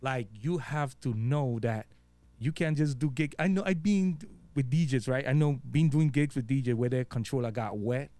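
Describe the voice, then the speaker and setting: A man's voice: mid-range voice, moderate pace, warm tone, no room sound. Man, Virgin Islands accent, laid-back slangy talk, curses a lot, dry close sound. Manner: laid-back, street slang, frequent swearing and fillers. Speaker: guest DJ. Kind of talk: casual interview chat.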